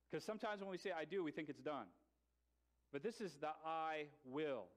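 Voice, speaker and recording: A man preaching to his congregation in an easy, conversational sermon voice, slightly higher than most men. He mixes light humor into his points and pauses between phrases. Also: expressive. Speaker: pastor.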